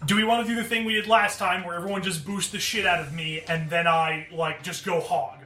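High bright-voiced man joking at a game table. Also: steady tone, fairly quick. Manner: jokey, crude banter. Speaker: player. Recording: echoey room, far from mic, faint music.

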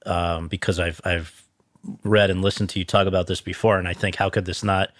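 A man's voice: low-pitched, flat delivery, a little fast, a bit bright, dry recording. A man hosting an interview, setting up his questions with long lead-ins. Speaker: interviewer host.

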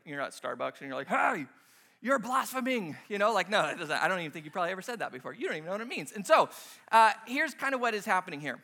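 A man's voice: sits high, bright, forceful tone. A young man preaching a casual sermon, joking and acting out little scenes as he explains a Bible passage. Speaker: pastor.

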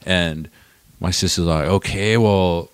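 A man telling a long story in casual chat, animated and swearing often. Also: low-pitched, takes it slowly, clear, resonant tone, no echo.

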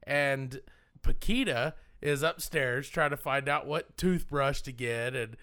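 A man co-hosting a podcast, calmly retelling film scenes in a relaxed, dry manner. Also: medium pitch, slow pace, clean tone. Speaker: podcast co-host. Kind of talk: casual film-review chat.

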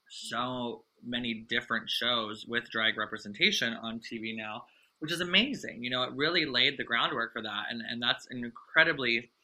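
A man's voice: medium pitch, bright, forceful tone, low-quality recording. A man in his thirties, a guest in an interview, talking in a chatty, effusive way with many fillers and restarts. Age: 30s. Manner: earnest and effusive. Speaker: guest, drag artist. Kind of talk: casual interview chat.

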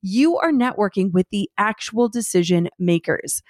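A woman's voice: mid-range voice, animated, moderate pace, no room sound, studio quality. A young woman, a podcast host and mother, talking casually with lots of "like" and quoted asides, and also reading sponsor spots. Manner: chatty, with many likes and quoted asides. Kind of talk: casual conversation and ad read.

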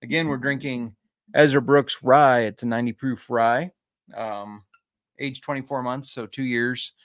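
Man, podcast co-host, casual chat, jokey, easygoing, mid-pitched, dry close sound. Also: fairly even intonation, measured pace, no room sound. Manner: joking, easygoing, reads notes aloud.

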